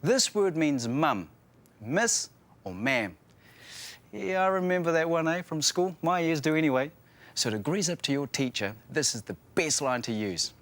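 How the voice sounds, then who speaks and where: A man's voice: fairly high pitch, expressive, moderate pace, fairly bright tone. A man with a New Zealand accent co-hosting a language lesson show, presenting in a playful, joking way.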